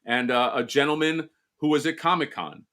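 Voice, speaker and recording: A man co-hosting a casual podcast, excitable, swearing and laughing often. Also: on the high side, normal speed. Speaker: co-host.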